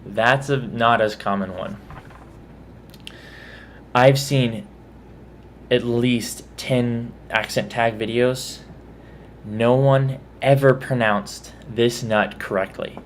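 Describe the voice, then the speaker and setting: A man's voice: medium pitch, steady tone, takes it slowly, long pauses, a little hiss or hum. A man from Texas with a Texan accent, reading out a word list and casually commenting on how he says each word. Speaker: vlogger.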